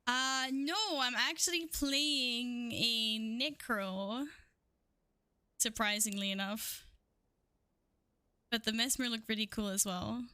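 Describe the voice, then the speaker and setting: Woman streamer, bright voice, giggly and chatty, dry close sound. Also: a little high, slow pace, long pauses, dry recording. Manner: chatty, giggly, talks to chat and herself. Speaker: game streamer. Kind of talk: casual live-stream chat while gaming.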